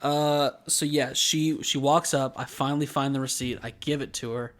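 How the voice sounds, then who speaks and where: A man co-hosting a podcast, chatting casually and telling a story with lively acted-out voices. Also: medium pitch, normal speed. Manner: animated storyteller, acts out quoted voices. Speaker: podcast co-host.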